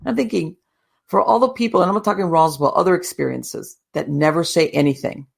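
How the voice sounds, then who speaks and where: A podcast host with a gravelly, creaky voice interviews a guest in a casual way. The questions ramble and often restart before landing. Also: medium pitch, a little fast.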